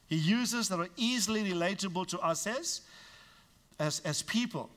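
A man preaching a sermon with a bright, sharp tone and a voice pitched a little above most men. He talks frankly to his congregation and teases them now and then. He drops into low asides, then climbs to loud, emphatic lines. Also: expressive, normal speed. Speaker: pastor.

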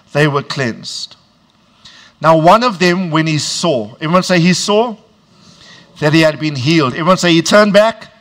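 A man preaching with a deliberate, drawn-out cadence and a fairly high voice. He leads his congregation in call-and-response and climbs to shouted emphasis on key words. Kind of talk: sermon.

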